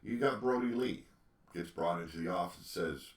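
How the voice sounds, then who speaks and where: A man's voice: deep voice, normal speed. A man hosting a solo opinion podcast, ranting with emphatic rhetorical questions. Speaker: podcast host. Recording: echoey room, distant mic.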